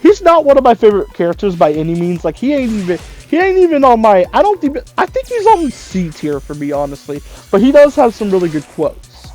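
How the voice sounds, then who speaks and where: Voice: medium pitch, sing-song, brisk, few pauses, darkish tone, soft background music. A let's play commentator talking loosely over gameplay, self-deprecating and swearing casually.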